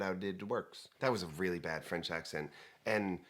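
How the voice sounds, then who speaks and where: A man's voice: deep voice, moderate pace. A man hosting a real estate talk show, chatting casually with jokes and rambling asides. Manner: lively, joking, rambling asides. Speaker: host.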